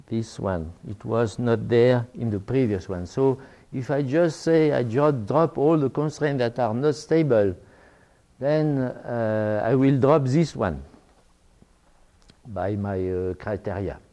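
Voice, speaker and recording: Speaking English at an academic talk, an older French lecturer has a dark tone and mid-range voice. He stops and starts repeatedly, leaning on filler words.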